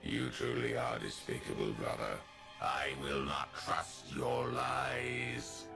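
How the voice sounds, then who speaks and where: A theatrical, pleading farm animal brother, voiced by a man in an animated video, speaking in a very deep voice with a gravelly rasp. He talks with over-the-top drama. Music plays clearly under his lines. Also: slow pace, roomy sound, exaggerated voice. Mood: dramatic.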